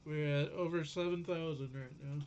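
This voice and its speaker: A man's voice: fairly high pitch, steady tone, normal speed, a little mellow, slight background noise. A man co-hosting a show, giving matter-of-fact updates on channel goals. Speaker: co-host. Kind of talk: casual announcements. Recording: dull lo-fi sound.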